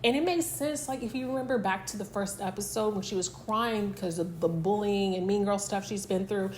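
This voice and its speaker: A woman talks through a reality show episode in a loose, chatty recap. Her voice sits in an ordinary middle range, and she slips into quick little impressions of the cast as she retells scenes. A faint noise runs underneath. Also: medium pitch. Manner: chatty, filler-heavy retelling that acts out quotes. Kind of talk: casual recap chat.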